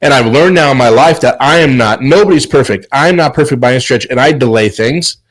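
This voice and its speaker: A man's voice: mid-range voice, fast talker, rough recording. A man hosting a chef business show, giving an emphatic, preachy motivational talk on a video call. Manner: emphatic, preachy, repeats words. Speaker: host.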